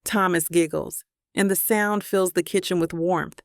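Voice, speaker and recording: A woman narrating a first-person romance audiobook with an intimate, even storytelling manner. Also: on the low side, a little slow, dry recording, studio quality.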